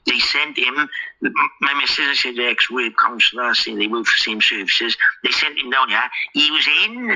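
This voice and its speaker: Profane ranting man, bright lo-fi sound. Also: mid-range voice, animated, a little fast. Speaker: podcast host. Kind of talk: crude casual chat. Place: lives in Wales.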